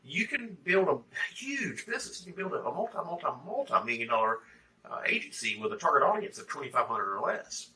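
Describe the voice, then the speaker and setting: Emphatic man from Mississippi, very bright tone, slightly distant from the mic. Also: fairly high pitch, big pitch swings, fairly quick. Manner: emphatic, rising to loud bursts. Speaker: guest, agency mentor. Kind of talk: interview answers.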